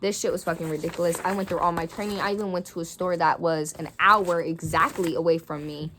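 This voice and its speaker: Young woman, low-ish voice, storytime vlog rant, profane, indignant, heated. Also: steady tone, fast talker, fairly bright tone, slight background noise. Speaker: vlogger.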